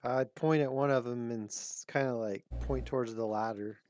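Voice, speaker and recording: A man taking part as a player in a casual tabletop game, reacting in an excitable way. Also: medium pitch, moderate pace.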